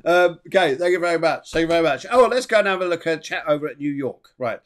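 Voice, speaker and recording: A man's voice: fairly high pitch, lively intonation, fast talker. Chatty rambling male medium. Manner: chatty, rambling with fillers and restarts. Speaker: medium and show host. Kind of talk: live online psychic reading.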